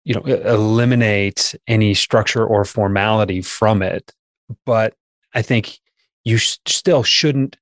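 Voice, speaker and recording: A man's voice: fairly low pitch, steady tone, unhurried, no echo, clean studio sound. A man co-hosting a podcast, chatting casually about sales with playful asides.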